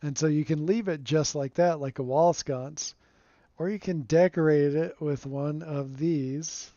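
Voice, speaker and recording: A man streaming a game, giving relaxed, rambling commentary and chuckling often, recorded on a home streaming mic. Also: fairly high pitch, a little slow, dry recording. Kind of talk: casual gameplay commentary. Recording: dull lo-fi dry sound.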